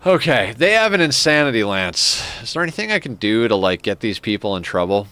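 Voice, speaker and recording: A man's voice: medium pitch, very animated, brisk, sharp tone, clean tone. A man streaming a game live who rambles in casual, profane commentary, chuckling often as he talks into a desk microphone.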